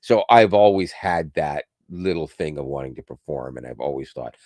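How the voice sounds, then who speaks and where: A man co-hosting a podcast in casual chat, animated, laughing often and dropping into quick impressions. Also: extremely low pitch, no echo, studio quality. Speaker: podcast co-host.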